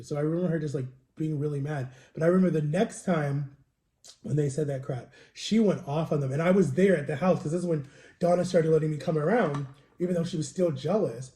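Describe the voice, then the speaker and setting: A man's voice: on the high side, brisk, mellow. A man rambling through a personal story in a casual vlog, in a confiding way. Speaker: vlogger. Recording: roomy, echoey home recording.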